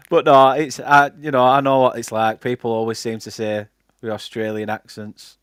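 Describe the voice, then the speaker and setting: Young Lancashire man, fan-channel match commentary, relaxed chat, mid pitch, dry sound. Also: normal speed, clean tone, no echo. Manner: chatty, reads out viewer comments between play-by-play. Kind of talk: casual live watchalong commentary.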